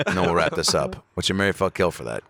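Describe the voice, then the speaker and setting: A comedian guest in casual podcast chat, an animated, profane storyteller. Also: male voice, low voice, fast, gravelly, no echo.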